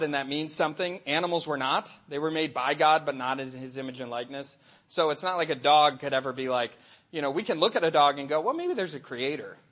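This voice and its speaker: A middle-aged man, a Catholic catechist, giving a lively faith talk to an audience and acting out little voices in his stories. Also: a little high. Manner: animated storytelling, acts out voices and asides.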